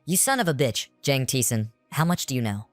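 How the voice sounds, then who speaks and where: A man's voice: medium pitch, very animated, fairly quick, no room sound, soft background music, close to an everyday voice. A man voicing a hot-headed young bully who barks panicky orders at his gang. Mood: angry shouting.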